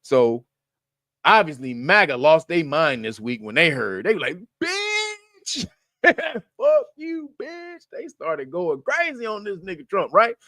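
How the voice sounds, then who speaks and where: A man riffs through casual commentary in a blunt, profane way, laughing often and circling back through restarts. His voice sits high and swings widely in pitch as he goes. The sound is dry and close. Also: sing-song, normal speed, bright, forceful tone, no room sound. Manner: rambling with frequent restarts. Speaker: commentary show host.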